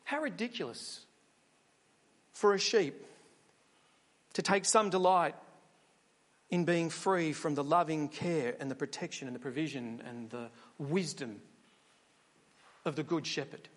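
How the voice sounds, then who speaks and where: High-voiced preacher in a reverberant hall. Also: male voice, measured pace, pauses often. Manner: storytelling, conversational, rhetorical questions. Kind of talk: sermon.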